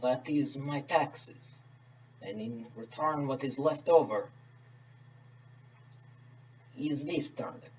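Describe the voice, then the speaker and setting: A man's voice: mid-range voice, slow, long pauses, a little hiss or hum, close to an everyday voice. A man putting on a pompous Russian tsar. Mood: smug. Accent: put-on Russian. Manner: haughty, clipped broken English. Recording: distant mic, dull and lo-fi.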